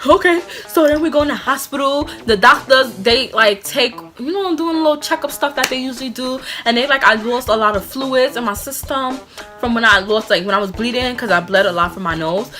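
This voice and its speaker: Bright-voiced young woman telling a story. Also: fairly high pitch, brisk, soft background music. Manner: animated, rambling retelling full of fillers and laughs. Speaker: vlogger. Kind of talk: casual storytime vlog.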